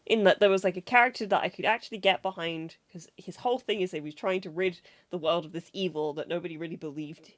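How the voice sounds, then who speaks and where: A woman's voice: on the low side, quick pace, few pauses. A woman co-hosting a film review show, talking in an enthusiastic, rambling way with frequent laughs, and sounding like she has a cold. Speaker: podcast co-host. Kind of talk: casual film review chat.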